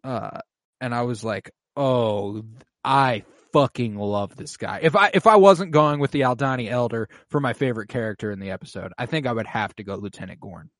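Excitable man recapping, dry close sound. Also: medium pitch, fast, dry recording. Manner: excitable, swears often, lots of fillers. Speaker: podcast co-host recapping an episode. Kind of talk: casual chat.

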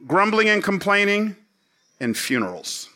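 A middle-aged man, a pastor, preaching a sermon in an animated, joking way. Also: sits high, measured pace.

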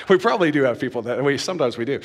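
A man's voice: medium pitch, in a large hall. A man preaching a sermon in a church, talking casually and joking with the congregation. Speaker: pastor. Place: church stage.

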